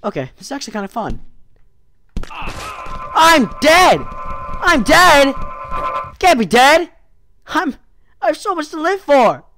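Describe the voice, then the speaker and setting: A woman narrating her own gameplay in a let's play, excitable, with yelps and whoops, and losing her voice. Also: sits high, a little fast, a little hiss or hum. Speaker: gaming YouTuber.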